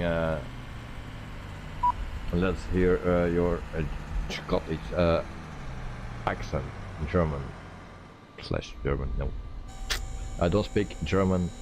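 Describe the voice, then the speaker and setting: Deep-voiced man streaming a flight sim. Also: noisy background. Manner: relaxed, thinking aloud with many "uh" pauses. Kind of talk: live-stream commentary.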